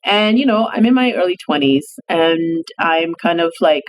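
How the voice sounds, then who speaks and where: A woman journalist from East Africa, a podcast guest, telling her story in a thoughtful, measured way, with pauses and fillers. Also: on the low side, animated, noisy background. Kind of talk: reflective interview storytelling.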